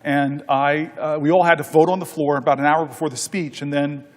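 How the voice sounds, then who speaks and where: A man in his fifties, a senator holding the floor, telling anecdotes in a halting way with repeated words. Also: on the high side, fairly even intonation. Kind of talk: floor speech with storytelling. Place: large legislative chamber. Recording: long reverb of a large chamber.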